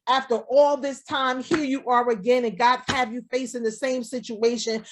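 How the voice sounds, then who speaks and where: A woman's voice: a little high, flat delivery, normal speed, few pauses, noisy background. A woman pastor preaching a sermon over a video call, repeating lines and speaking as God in the first person.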